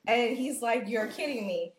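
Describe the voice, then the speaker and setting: Animated woman in a roomy room. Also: fairly high pitch, normal speed, slight background noise. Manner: animated, indignant retelling with quoted dialogue. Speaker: podcast co-host. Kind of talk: casual storytelling chat.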